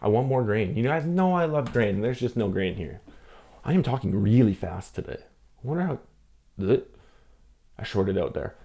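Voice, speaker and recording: A man's voice: fairly low pitch, animated, normal speed, pauses often, warm tone. A young man rambling casually to camera as he reviews a film stock, cutting himself off and blaming too much coffee. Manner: rambling, self-interrupting, jittery from coffee. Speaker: film photography vlogger.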